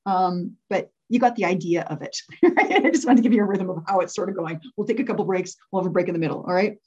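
A woman's voice: lowish voice, expressive, quick pace, a little mellow, breathy edge, highs cut off. A woman leading an interactive workshop for entrepreneurs. She laughs often and asks the group to raise their hands.

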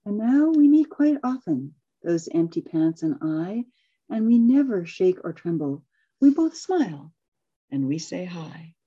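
Husky-voiced woman reading a story aloud. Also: fairly low pitch, dull audio. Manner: expressive storytelling, laughs often, quick when chatting. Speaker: workshop facilitator. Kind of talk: reading a rhyming story aloud, then leading group discussion.

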